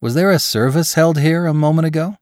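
A man's voice: fairly high pitch, a little fast, a little mellow, no room sound, studio quality, voice pushed up, natural voice. A man voicing a healthy, polite young male attendant who is bewildered, in an audiobook story.

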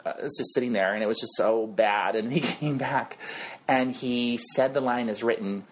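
A middle-aged man, an actor, telling animated stories as a guest in a casual podcast interview on a studio mic. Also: normal speed. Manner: animated, expressive storyteller who swings his pitch.

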